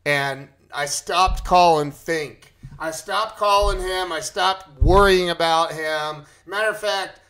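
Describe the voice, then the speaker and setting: A man casually telling a personal story to his live chat, animated and acting out his own panic. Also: high voice, slow, hardly any pauses, clear, resonant tone.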